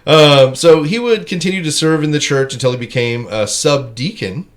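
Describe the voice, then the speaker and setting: A man's voice: a little high, moderate pace. A man hosting a casual comedy podcast who jokes, laughs often and wanders into asides. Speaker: podcast host.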